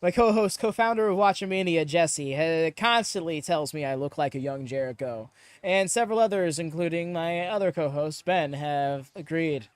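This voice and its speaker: A young man hosting a live watchalong stream, chatting excitedly with many fillers and quick laughs on a close mic. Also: fairly high pitch, smooth, no echo. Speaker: watchalong host. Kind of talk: live reaction commentary.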